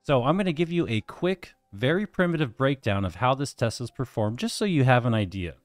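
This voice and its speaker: A man's voice: mid-range voice, sing-song, a little fast, no echo. A middle-aged man hosting an explainer video, teaching in plain, friendly layman's terms. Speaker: host explaining hearing tests.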